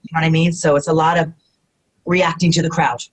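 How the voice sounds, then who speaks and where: A woman guest in an interview, telling stories in a casual, animated way, often acting out quotes and saying "you know what I mean". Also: low voice, brisk, rough recording. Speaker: retired pro wrestler guest.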